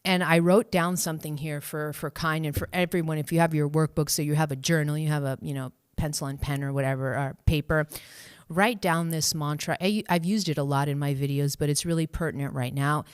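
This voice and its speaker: A woman hosting a live stream as a spiritual coach, speaking gently and reassuringly, laughing often and acting out inner voices in a high cheery tone. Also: steady tone, brisk, clear, resonant tone, no echo, studio quality. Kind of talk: live-stream guidance, answering viewer questions.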